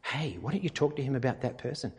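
God's calm inner voice, as a preacher puts it on. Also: male voice, mid-range voice, fast talker, breathy edge, big-room sound. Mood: nudging. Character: God as a calm male inner voice.

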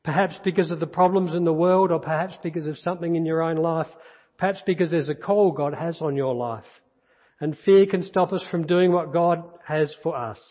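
A man's voice, slightly high and a touch husky, delivers a sermon with earnest repetition. He sounds as if he is in a church hall with a long echo. The recording is dull and muffled. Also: moderate pace. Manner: earnest preaching, reads scripture aloud, repeats key phrases. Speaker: pastor.

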